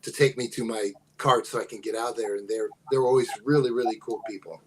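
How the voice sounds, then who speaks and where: An older man, a podcast guest, telling personal stories in casual talk, unhurried and halting with many fillers. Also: mid-range voice, steady tone, slight background noise, rough recording. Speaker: guest, host's father. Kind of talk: casual storytelling.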